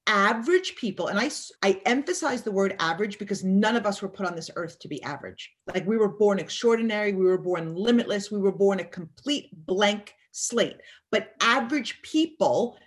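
A woman's voice: mid-range voice, animated, normal speed, hardly any pauses. Emphatic woman giving motivational talk. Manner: emphatic, acts out quoted thoughts. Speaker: guest speaker.

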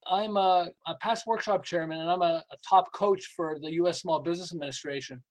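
An older man, interviewed as a sales and behavior coach, tells stories animatedly, acting out quoted voices and laughing often. His voice is high-pitched and brisk, and the audio is poor.

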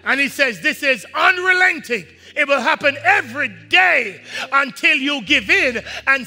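High voiced guy preaching a sermon, call and response, echoey church hall, faint music. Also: animated, measured pace. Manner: breaks off scripture readings to explain, rising to shouts. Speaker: pastor.

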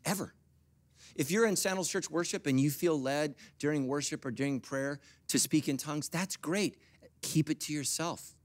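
A middle-aged man preaching a sermon as pastor, swinging from quiet, confiding asides to loud, high-pitched bursts. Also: moderate pace, dry recording.

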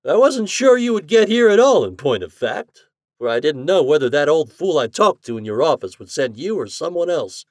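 A man reading an audiobook voices a cheerful, eccentric scientist who lectures with drawn-out emphatic stresses. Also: on the high side, sing-song, a little mellow, no room sound, clean studio sound, pitched above the performer's own voice. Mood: welcoming. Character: eccentric male scientist, cheerful self-declared mad genius.

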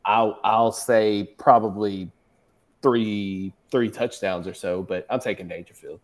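A man's voice: lowish voice, steady tone, measured pace. A man co-hosting a casual sports chat, confident and teasing as he makes his picks. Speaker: podcast co-host.

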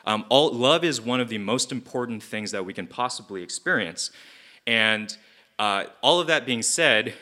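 A man preaching a casual, animated sermon to a youth group, often asking the audience questions. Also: on the low side.

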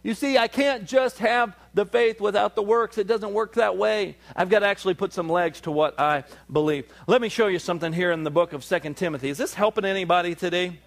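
A man preaching a sermon as a pastor, rising in pitch and force on emphatic calls and slowing down to explain scripture. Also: vocal fry.

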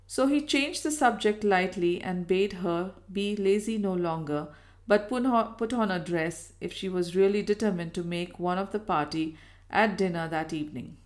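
A woman reading a Victorian novel aloud in a measured, even storytelling manner. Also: medium pitch. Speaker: audiobook reader. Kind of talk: scripted narration of a Victorian novel.

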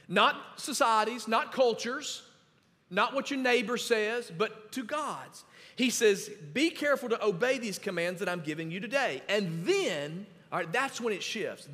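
A man's voice: high-pitched, a bit bright. A man preaching a sermon as pastor, emphatic and instructive, in a church with echoey hall reverb. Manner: emphatic, instructing the congregation to underline verses.

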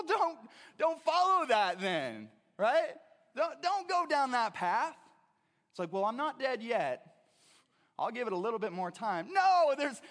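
A male pastor delivers a sermon in a high, light voice. His preaching is conversational and full of restarts, with frequent calls for an amen from the congregation. The sound carries a long reverb from the church hall. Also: a bit bright. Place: church sanctuary.

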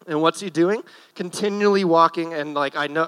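A young man preaching on a church stage in a loose, conversational way, his voice sitting a little high for a man. He cracks jokes at his own expense and slips in nervous asides between points. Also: moderate pace, a bit bright, clean tone, low-quality recording. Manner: joking, self-deprecating, nervous asides. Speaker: guest preacher. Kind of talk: casual sermon.

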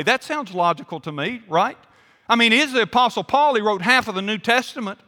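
Guy preaching, chatty, asks the crowd questions, bright voice, big hall echo. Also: high-pitched, lively intonation, normal speed. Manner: conversational, quizzes the congregation. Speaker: pastor. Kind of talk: sermon. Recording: long hall reverb.

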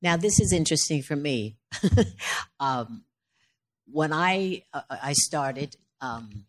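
Low-voiced older woman, expressive. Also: takes it slowly. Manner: expressive, laughs often, restarts sentences. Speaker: stage actress, panel guest. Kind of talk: panel discussion before an audience. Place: stage event with audience.

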